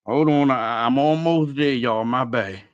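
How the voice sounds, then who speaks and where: A man hosting a live stream, out of breath, talking in a loud, rambling, profanity-heavy way. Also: medium pitch, measured pace, smooth, no echo, highs cut off. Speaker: host. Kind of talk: casual stream commentary.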